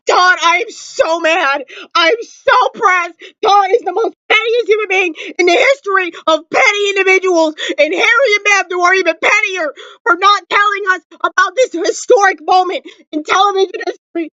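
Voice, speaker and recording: A woman reviewing a TV episode in a loud, shrieking, overexcited way. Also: very high voice, moderate pace, no echo, dull audio. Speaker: TV reaction vlogger. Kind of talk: excited reaction review.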